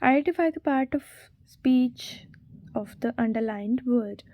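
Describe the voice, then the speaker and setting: A woman's voice: a little high, measured pace, no echo, phone-quality sound. A woman reading exam quiz questions and answers aloud, spelling words out letter by letter. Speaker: exam revision narrator.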